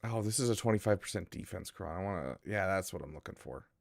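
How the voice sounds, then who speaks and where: A man's voice: low voice, lively intonation, quick pace, creaky, dry recording, studio quality. Bemused streamer man bantering with chat. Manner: bemused banter with chat, rising to loud exasperation. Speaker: game streamer. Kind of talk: casual live-stream commentary.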